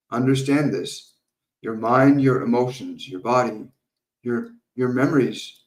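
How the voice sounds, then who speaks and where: A man answers viewer questions as a spiritual medium, talking in a calm, measured, repetitive way and now and then laughing softly. His voice carries a roomy echo. He sits some distance from the microphone. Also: medium pitch. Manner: calm, slow, repetitive teaching with soft laughs. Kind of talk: live Q&A stream with guided meditation. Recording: roomy sound, distant from the mic.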